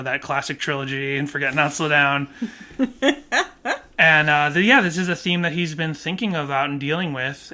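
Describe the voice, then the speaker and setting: A man co-hosting a podcast, chatting casually about a song, animated and laughing often as his thoughts run on. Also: medium pitch. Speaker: podcast co-host. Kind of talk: casual chat about music.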